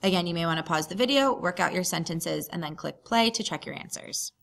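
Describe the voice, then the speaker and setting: A woman's voice: on the low side, expressive, a little fast, gravelly, a bit bright. A woman teacher talking through a recorded grammar lesson, patient and explaining step by step.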